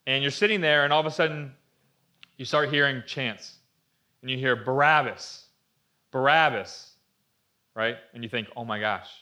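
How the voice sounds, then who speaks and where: A man preaching a sermon, reading scripture and retelling the story vividly, dropping to a hushed tone at dramatic moments. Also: mid-range voice. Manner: storytelling, acting out voices in Bible readings. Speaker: pastor.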